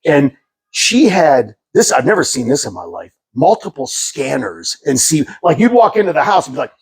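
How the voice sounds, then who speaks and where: Middle-aged man, Pittsburgh accent, animated storyteller, husky voice, big swings in pitch. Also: moderate pace. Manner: animated, laughing, acts out voices in anecdotes. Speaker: artist telling stories. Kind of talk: casual storytelling chat.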